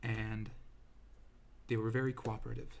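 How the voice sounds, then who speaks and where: A man's voice: fairly low pitch, flat delivery, normal speed, creaky, slight background noise. A young man telling a personal story to camera in a rambling, self-deprecating way, full of restarts and ums, seated indoors. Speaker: vlogger. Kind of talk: casual storytelling monologue.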